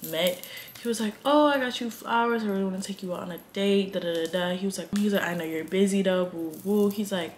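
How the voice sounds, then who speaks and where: This vlogger is a twenty-year-old Atlanta woman with a Southern accent, speaking to camera in a casual, dramatic, slang-heavy way. Her pitch is medium, and a faint hiss or hum runs under the recording.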